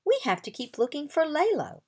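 A woman's voice: high voice, wildly swooping pitch, a little fast, a little mellow, pitched above the performer's own voice, exaggerated voice. A woman reading as a bold young princess. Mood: eager.

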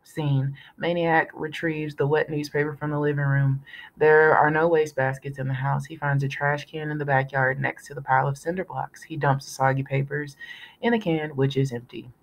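A woman reading a novel aloud in a steady storytelling manner, now and then correcting herself. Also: low voice, normal speed, rough recording. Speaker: audiobook reader.

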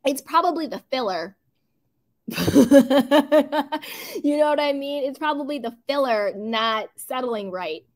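A woman's voice: high-pitched, animated, moderate pace, few pauses. A woman hosting a casual gossip livestream, chatty and opinionated, reading out chat comments and laughing often. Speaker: livestream host.

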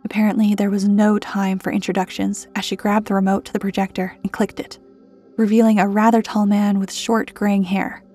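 Woman, scripted horror narration, measured, mellow, husky. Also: mid-range voice, flat delivery, faint music behind.

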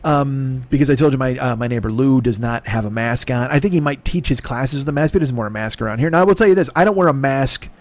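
A man's voice: medium pitch, quick pace, few pauses. A man hosting a podcast from his home desk, telling a rambling comic story full of swearing. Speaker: podcast host. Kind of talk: profane comic monologue.

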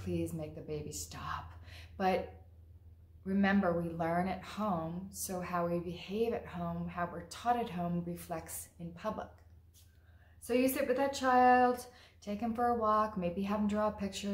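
A woman's voice: lowish voice, echoey room. A woman mental health therapist explaining in a conversational way, acting out parents and children in quoted lines. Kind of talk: explaining with acted examples.

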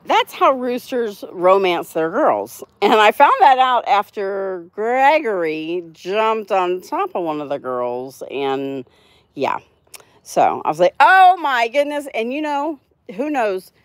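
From her home in Florida, a woman hosts a casual livestream, chatting and laughing as she reads viewers' messages aloud. Her mid-range voice is very animated but slow-paced, with no room sound.

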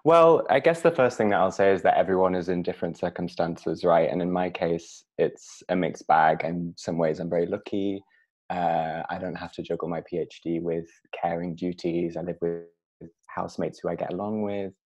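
A young man with a very deep voice answers interview questions over a video call. He is thoughtful and weighs his words, hedging with ums and uhs. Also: steady tone, moderate pace, a little mellow, no room sound. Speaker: guest.

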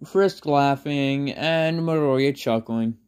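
Brief: rambling, unhurried fan storyteller who keeps correcting themselves, voice mid-pitched. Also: a little mellow, clean tone. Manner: rambling, many fillers and self-corrections. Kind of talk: improvised fan story narration.

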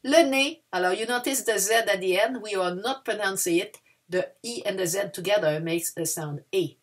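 Husky woman teaching to children. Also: medium pitch, moderate pace. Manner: patient, switches between English and French. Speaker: French teacher. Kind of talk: children's language lesson. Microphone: video lesson.

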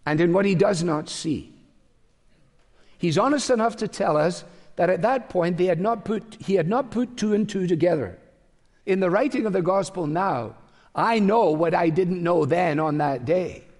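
With a high, darkish voice and lively intonation, an older pastor speaks unhurriedly to his congregation. He keeps his sermon conversational and slips in dry, funny remarks, all carried on a long hall reverb.

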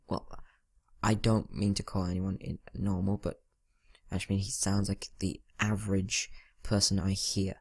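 A man's voice: low voice, level tone, measured pace, vocal fry, darkish tone. A teenage boy giving rambling, casual commentary over a video game, talking to himself and mumbling asides. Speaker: gaming channel host. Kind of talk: casual let's-play commentary.

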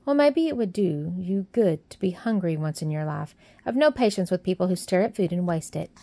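A woman's voice: lowish voice, animated, a little fast, vocal fry, dark tone, dry recording. A woman voicing a cheerful, plump young Yorkshire housemaid who talks in a friendly, plain-spoken way. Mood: scolding.

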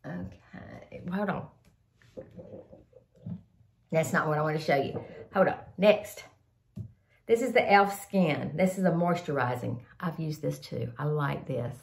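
An older woman with a deep voice and vocal fry speaks unhurriedly, pausing often, as she chats to camera about favorite products in a roomy-sounding space. A little sniffly from a cold, she rambles along and calls viewers "y'all."

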